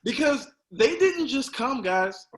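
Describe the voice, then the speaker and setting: A man doing a stand-up comedy set over a video call, animated and bursting into loud character voices. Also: very high voice, slow, noisy background.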